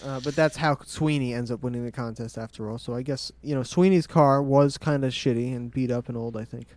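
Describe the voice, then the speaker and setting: A man co-hosting a podcast, recapping a TV episode in relaxed, wry casual chat. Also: mid-range voice, fairly quick, no room sound. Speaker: podcast co-host.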